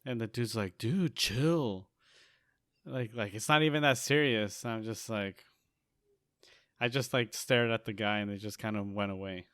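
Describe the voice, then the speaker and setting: A man's voice: on the low side, unhurried, a bit bright, clear, resonant tone, no room sound, clean studio sound. A man co-hosting a casual podcast chat in a laid-back way, laughing often. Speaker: podcast co-host.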